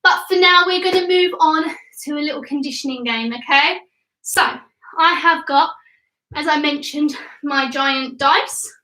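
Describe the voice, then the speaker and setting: A woman's voice: high voice, unhurried, bright, forceful tone. A woman, coaching a kids' home workout class in an upbeat, encouraging way and counting reps aloud. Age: 20s. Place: room at home. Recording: echoey room, mic at a distance.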